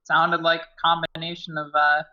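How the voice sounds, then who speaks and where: A man chatting with friends, telling stories in a halting way full of ums and uhs. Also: a little high, completely flat delivery, muffled recording. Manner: halting, lots of fillers, joking. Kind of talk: casual chat among friends.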